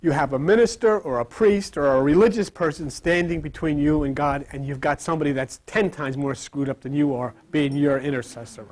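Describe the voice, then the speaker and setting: A man giving a lively, conversational sermon to a live audience, acting out the voices he quotes. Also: a little high, brisk, hardly any pauses. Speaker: spiritual teacher.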